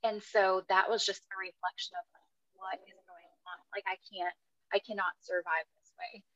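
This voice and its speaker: A mother in her thirties talks openly on a podcast, her mid-range voice lively and frank. The recording is dry and close, with a slightly dull, muffled tone. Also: mid-range voice, normal speed, dry recording. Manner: candid, animated storytelling. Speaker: guest. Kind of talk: casual podcast conversation.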